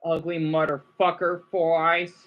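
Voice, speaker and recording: A woman livestreaming, reacting to videos and chat, swinging between furious rants and quiet apologies. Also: sits low, level tone, measured pace, highs cut off.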